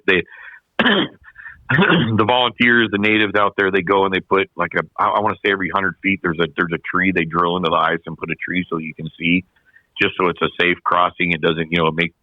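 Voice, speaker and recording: A man, a podcast guest, telling a racing story in casual, animated, slangy chat, often repeating himself. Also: deep voice, no echo. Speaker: podcast guest, snowmobile racer. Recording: dull dry podcast audio.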